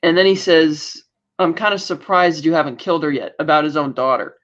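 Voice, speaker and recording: A woman's voice: low-pitched, fairly quick. Woman recapping a show on lo-fi audio. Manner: retells scenes, acting out quoted lines. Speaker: podcast co-host. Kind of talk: casual episode recap. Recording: dull lo-fi audio.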